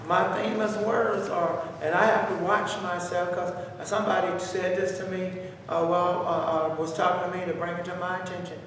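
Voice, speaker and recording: Brief: high-pitched male Bible study teacher, exhorting, distant mic, echoey hall. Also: level tone, moderate pace, few pauses, a bit bright, a little hiss or hum. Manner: conversational, repetitive, exhorting. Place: church room. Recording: echoey church room heard from afar.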